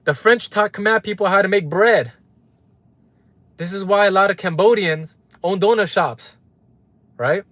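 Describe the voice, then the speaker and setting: A man's voice: high-pitched, a little slow, pauses often, fairly bright tone, no echo. A man from Los Angeles hosting a live stream, ranting heatedly and often profanely to his chat and reading out viewers' names. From Los Angeles, United States. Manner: heated, profane, repeats "right?" for emphasis. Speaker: livestream host.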